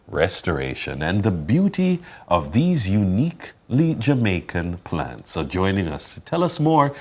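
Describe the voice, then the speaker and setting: A man's voice: fairly low pitch, darkish tone. A man co-hosting a TV morning show, introducing a guest and asking questions.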